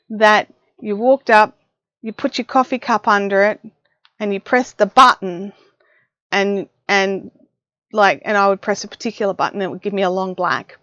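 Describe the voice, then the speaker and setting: Her mid-range voice has a fairly bright tone and no echo. A middle-aged Australian, she hosts a casual craft livestream from her home craft room, chatting self-deprecatingly with viewers through a desk mic while on headphones, and the audio is dry, dull and lo-fi.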